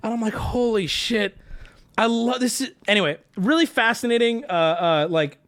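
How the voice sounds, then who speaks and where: Animated high-voiced male streamer. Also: a little fast. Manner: animated, rambling, swears freely, talks to chat. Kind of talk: casual live-stream storytelling.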